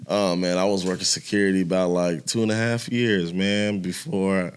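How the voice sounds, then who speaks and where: A man's voice: low voice, moderate pace, clear, resonant tone. A young adult man, a security worker and chef, chatting casually as a podcast guest and acting out quotes. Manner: animated, acts out quotes in raised voice. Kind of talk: casual storytelling chat.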